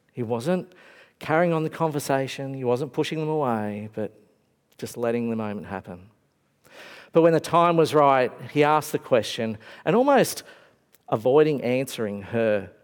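A man preaching a sermon to a congregation, reflective and conversational, his voice dropping to a hush and then lifting again. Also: mid-range voice. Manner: reflective, swings between raised and hushed voice. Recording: long hall reverb.

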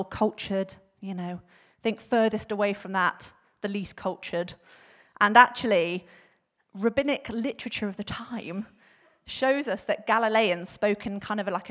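A woman giving a casual, chatty church talk, with frequent fillers and laughter. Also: mid-range voice. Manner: chatty, laughs often, many fillers and restarts; animated, acts out bible quotes with voices. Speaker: church speaker.

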